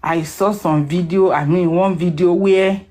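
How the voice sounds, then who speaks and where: A woman's voice: on the low side, fairly even intonation, unhurried, mellow. A woman calling in, emotional and near tears, speaking earnestly and pleadingly.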